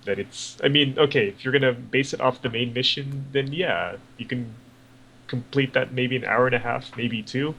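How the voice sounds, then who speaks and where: A man talks casually on a podcast, rambling through his thoughts with plenty of fillers and the odd curse. His voice has a gravelly, creaky edge. A faint noise sits under the recording. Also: mid-range voice, moderate pace, a bit bright, low-quality recording. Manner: rambling, profane, lots of fillers. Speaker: podcast co-host. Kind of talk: casual gaming chat.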